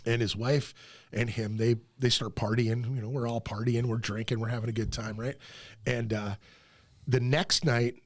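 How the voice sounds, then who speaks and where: Profane, animated male podcast host. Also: mid-range voice, normal speed, dry recording. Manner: profane, animated storyteller acting out quoted voices. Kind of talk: casual storytelling chat.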